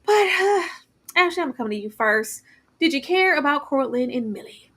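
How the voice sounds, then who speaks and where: This is a woman hosting a casual online panel that reviews a television series. She speaks, and her manner is emphatic and animated. Her voice sits high and sounds bright. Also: moderate pace. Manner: animated, emphatic, acts out quotes.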